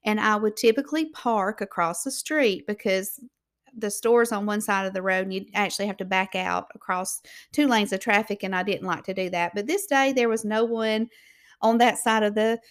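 A woman's voice: medium pitch, normal speed. A middle-aged woman with a Southern accent, telling a heartfelt personal testimony and acting out the voices of the people in it. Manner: heartfelt, animated, acts out voices.

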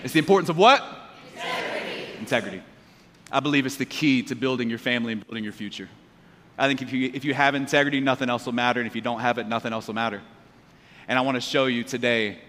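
A male pastor preaching a lively call-and-response sermon in a casual, energetic way, recorded live in a church hall. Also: medium pitch, a little hiss or hum. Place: church auditorium.

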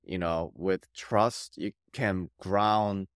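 A man in casual podcast chat, talking in a relaxed way. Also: sits low, drawn-out words, clean tone, no echo, clean studio sound. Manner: relaxed, lots of backchannel. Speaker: podcast co-host. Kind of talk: casual conversation.

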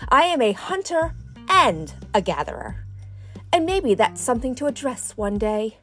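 A woman's voice: fairly high pitch, very animated, normal speed, fairly bright tone, faint music behind. Playful, chatty middle-aged woman. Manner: playful, self-mocking, talks straight to viewers. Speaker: vlogger. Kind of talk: chatty personal vlog monologue.

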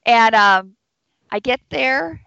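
A woman's voice: a little high, slow pace, creaky, no echo, highs cut off. A woman who works as a labor and delivery nurse, telling a personal story to an audience and acting out the voices of people in it. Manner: animated, acts out quoted voices.

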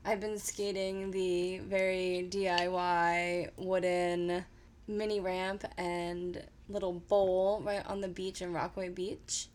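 A woman's voice: on the low side, level tone, slow, slight background noise. A woman co-hosting a casual podcast, laid-back and self-deprecating, laughing often and using casual slang. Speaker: podcast co-host. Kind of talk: casual chat.

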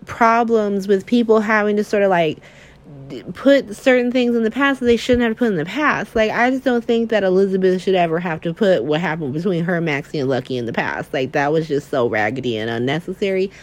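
A woman's voice: medium pitch, brisk. Young adult woman, casual vlogger, mid-range voice, gossipy filler-heavy delivery. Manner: chatty, filler-heavy, profane, animated retelling. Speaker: soap opera recap vlogger. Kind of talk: casual chat.

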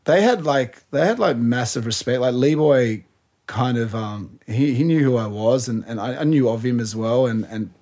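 A man's voice: mid-range voice, moderate pace, a little mellow. A man in his thirties, a DJ and producer, talking loosely in a casual interview, rambling, swearing freely and acting out what people said. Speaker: guest DJ and producer.

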